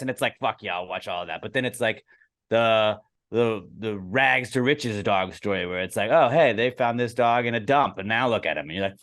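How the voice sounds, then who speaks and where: A young man co-hosting a podcast in casual chat, telling stories animatedly and jumping into high excited voices. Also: fairly quick. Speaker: podcast co-host.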